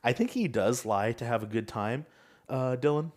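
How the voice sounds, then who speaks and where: A man's voice: medium pitch, moderate pace, darkish tone. A man hosting a podcast in casual chat, laid-back, with fillers like "uh" and "um". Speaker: podcast host.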